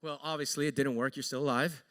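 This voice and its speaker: A preacher doing a rude barista warlock. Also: male voice, mid-range voice, fairly even intonation, fast, fairly bright tone, clear, resonant tone, pitched below the performer's own voice, natural voice. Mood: sheepish. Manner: dismissive, then sheepish and apologetic. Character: rude young male barista claiming to be a warlock.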